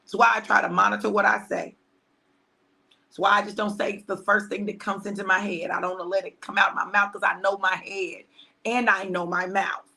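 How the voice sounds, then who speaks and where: A woman pastor, preaching conversationally on a livestream, repeating phrases for emphasis and dropping to hushed tones. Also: mid-range voice, level tone, moderate pace, gravelly.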